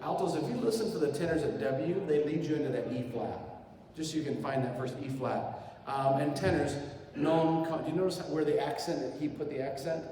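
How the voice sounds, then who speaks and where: A man's voice: on the high side, animated, brisk, a little hiss or hum. Upbeat man directing a choir. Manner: encouraging, upbeat, joking. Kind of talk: rehearsal instruction. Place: rehearsal hall. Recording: echoey hall from far off, loud piano.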